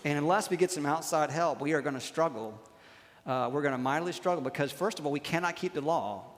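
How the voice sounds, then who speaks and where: A pastor preaching to his congregation, his slightly high voice ringing out with a long trail of reverb through the church hall. He talks plainly, checks in with the room, and slows right down to hammer home key lines. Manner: conversational, punctuates with "okay?", slows down to stress key lines. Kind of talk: sermon.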